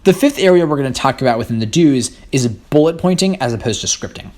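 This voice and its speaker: A teenage boy, a high school debate captain, explaining public speaking tips in an articulate, structured way. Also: lively intonation, fast talker, a little mellow. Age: teens. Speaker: guest student speaker.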